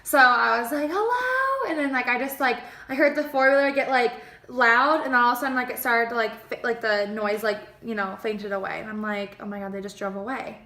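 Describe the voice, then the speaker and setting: A woman's voice: a little high, flat delivery, fairly quick, hardly any pauses, sharp tone, roomy sound. A young woman vlogger telling a personal story in a casual, rambling way, full of "like" and acted-out lines of what she said back then. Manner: chatty, heavy use of "like", acts out her own past lines.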